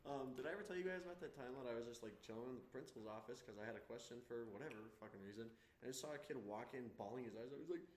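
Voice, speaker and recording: A man's voice: mid-range voice, rapid-fire, few pauses, slight background noise. Crude young man in an echoey room. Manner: crude, blunt teasing. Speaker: podcast co-host. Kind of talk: casual chat.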